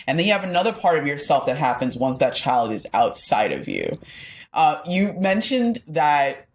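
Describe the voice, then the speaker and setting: Low-voiced woman hosting an interview. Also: huge pitch swings, moderate pace. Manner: reflective, supportive listener. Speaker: podcast host. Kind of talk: casual interview.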